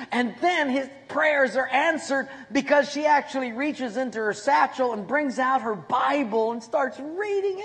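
A man's voice: extremely high pitch, very animated, moderate pace, few pauses, fairly bright tone. A man with a Hawaiian accent preaching a sermon as pastor, telling funny stories and joking with his congregation. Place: large church hall with a congregation. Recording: echoey hall with long reverb.

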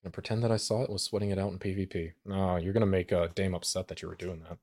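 A man's voice: low-pitched, little pitch movement, rapid-fire, a little mellow, no room sound. A man co-hosting a live stream, teasing his co-host and laughing often. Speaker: podcast co-host. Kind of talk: casual chat.

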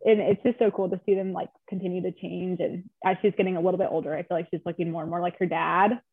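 A woman's voice: fairly low pitch, level tone, fast, breathy edge. A young woman, a new mother, talking candidly as an interview guest, chatty and full of "like" fillers. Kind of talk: casual interview chat. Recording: tinny phone-line sound.

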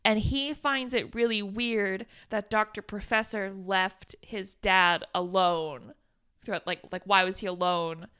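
A woman's voice: mid-range voice, steady tone, a little slow, pushed and bright, clear, resonant tone. A young woman co-hosting a podcast, chatting casually and animatedly about a film, laughing and swearing freely. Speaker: podcast co-host. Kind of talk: casual chat recapping a film.

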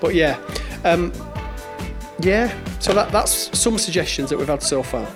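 Bloke co-hosting a podcast, a bit high, rambly with loads of restarts, music going behind. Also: male voice, animated, a little slow. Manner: rambling, many restarts and fillers. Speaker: podcast co-host. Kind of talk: casual chat.

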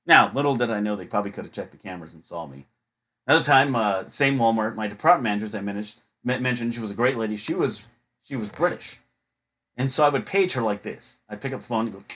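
A man's voice: on the low side, fast, a bit bright, breathy edge. A man hosting a podcast, telling funny stories in a chatty, jokey way and acting out the people he quotes. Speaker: podcast host. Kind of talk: casual storytelling.

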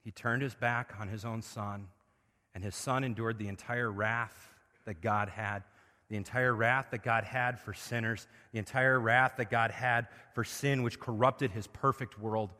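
A man preaching a sermon as pastor, moving between hushed, intimate passages and loud, impassioned swells. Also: medium pitch, fairly even intonation, measured pace, long reverb tail.

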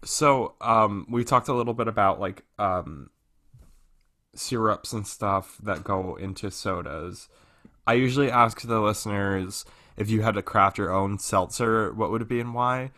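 Playful low-voiced podcast host. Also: male voice, a little slow, bright, forceful tone. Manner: playful, teasing questions. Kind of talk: casual chat.

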